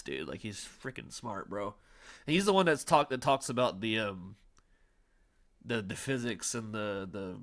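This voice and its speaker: Man, co-host, casual chat, excitable, slangy, lots of fillers. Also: lowish voice.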